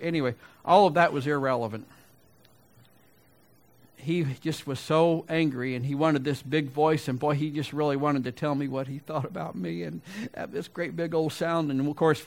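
Folksy storytelling male preacher. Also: fairly high pitch. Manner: folksy storytelling, rhetorical questions. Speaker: pastor. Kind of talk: sermon with personal story.

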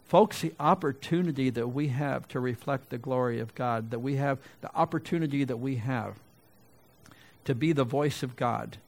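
At a normal speed and with vocal fry, a male pastor gives a sermon that shifts between loud emphasis and quiet, low asides. He talks to the congregation along the way and restarts phrases as in conversation.

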